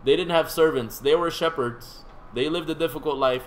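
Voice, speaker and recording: Speaking at a moderate pace, a seminary teacher lectures his class in a laid-back, conversational manner, pausing to question students and adding gentle humor. His voice is somewhat high, and the rough recording carries a faint hiss.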